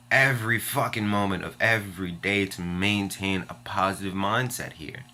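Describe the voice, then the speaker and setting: Bright-voiced man venting in frustration. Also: low voice, steady tone, moderate pace, hardly any pauses. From Washington, D.C. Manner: profane and frustrated, venting bluntly. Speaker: vlogger. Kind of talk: angry personal vlog rant.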